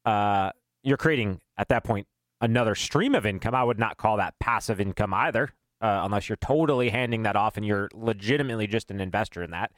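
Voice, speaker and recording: A man hosting a podcast, giving advice in a measured, thoughtful way with frequent fillers. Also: lowish voice, a bit bright, no room sound. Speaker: podcast host.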